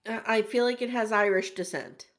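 A woman co-hosting a podcast in casual chat, easygoing and quick to laugh. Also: a little high. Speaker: podcast co-host.

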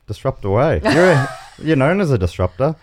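Lively Australian man hosting a comedy podcast. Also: medium pitch, background noise. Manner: joking, quick to laugh, reads aloud. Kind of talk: casual comedic banter.

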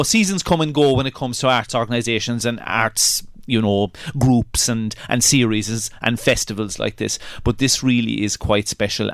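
A man's voice: mid-range voice, a bit bright, clear, resonant tone, dry recording, clean studio sound. A man with a Kerry Irish accent, a guest opera singer chatting in a radio interview, hesitant with many restarts. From Ireland, County Kerry. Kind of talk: casual radio interview chat.

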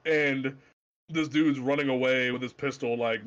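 A man co-hosting a casual comic book podcast, talking in an animated, profane way with stammering restarts. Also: mid-range voice, a little slow, smooth, highs cut off. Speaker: podcast co-host.

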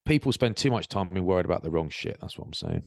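A man's voice: deep voice, fast, creaky. A man co-hosting a casual chat podcast, telling stories and acting out the voices of the people in them. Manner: animated storyteller, acts out quotes. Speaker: podcast co-host. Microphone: video call.

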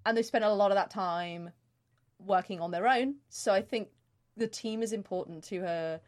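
A woman tabletop player, talking through her character with many fillers and pauses. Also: medium pitch. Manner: hesitant, thinking aloud with many fillers. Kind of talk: casual chat about a tabletop character.

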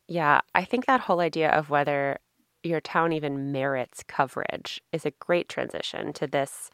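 Low, gravelly woman interviewer. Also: moderate pace, a bit bright, dry recording, clean studio sound. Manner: casual, chatty, lots of fillers. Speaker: interviewer, host. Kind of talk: interview conversation.

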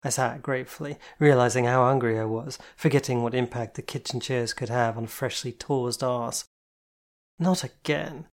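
Steady first-person audiobook narrator. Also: mid-range voice, brisk, hardly any pauses. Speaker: audiobook reader.

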